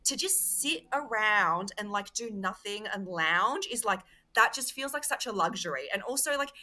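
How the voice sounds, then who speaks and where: Woman, Australian accent, comedian guest, casual chat, lots of "like", bright tone. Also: mid-range voice, animated, moderate pace. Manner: chatty, peppers speech with "like". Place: outdoors on a lawn.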